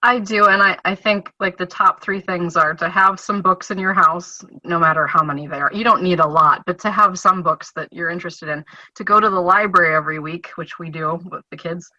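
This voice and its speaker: Bright, chatty woman on a dull recording. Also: on the low side, steady tone, fairly quick, hardly any pauses, no room sound. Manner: chatty, laughs between points. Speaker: guest, homeschooling mother. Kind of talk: casual podcast chat. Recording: dull lo-fi podcast audio.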